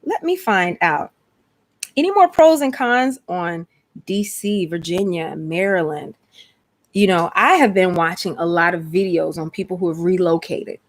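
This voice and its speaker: A woman's voice: fairly low pitch, normal speed. A woman hosting a casual chat stream, rambling and talking straight to her viewers. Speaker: host.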